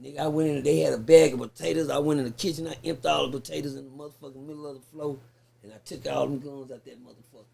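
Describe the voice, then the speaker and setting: A man's voice: fairly high pitch, rapid-fire, gravelly, breathy edge. A man, a podcast guest telling a profane story in casual chat and acting out the people he quotes. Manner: profane, lively, acts out the voices he quotes.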